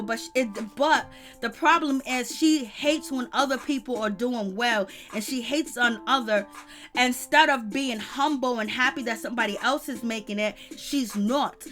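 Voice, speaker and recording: A woman's voice: on the high side, normal speed, a bit bright, faint music behind. A woman giving casual, slangy commentary and animatedly retelling what others said. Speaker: gossip vlogger.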